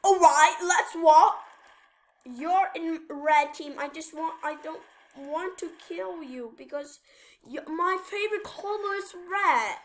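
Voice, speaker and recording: A woman's voice: extremely high pitch, slow. A woman giving casual gameplay commentary to her viewers, playful and full of whiny complaints about the game. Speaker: gameplay video host.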